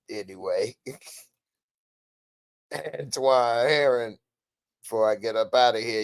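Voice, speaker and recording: Gravelly, slow-talking man chatting. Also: medium pitch, no echo. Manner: animated, laughs often, slangy. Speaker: podcast host. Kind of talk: casual commentary.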